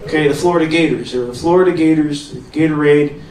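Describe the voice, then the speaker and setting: A man hosting a live comedy show, rambling and stumbling over his words as he warms up the crowd. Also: fairly high pitch, fast. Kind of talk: stand-up comedy. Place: comedy club stage. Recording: roomy, noisy live club sound from far off.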